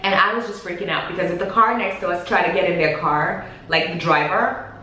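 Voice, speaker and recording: A woman's voice: lowish voice, fairly quick. A young woman vlogger telling a story in a casual chat, acting out what everyone said. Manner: animated, acts out quoted dialogue. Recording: echoey room with faint hiss.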